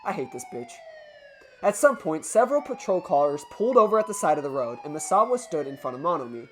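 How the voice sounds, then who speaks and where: A hoarse voice-over performer narrating and commenting on a visual novel playthrough, with casual swearing. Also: medium pitch, sing-song, fast talker, fairly bright tone, a little hiss or hum. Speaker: game dub narrator. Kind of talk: video game playthrough narration.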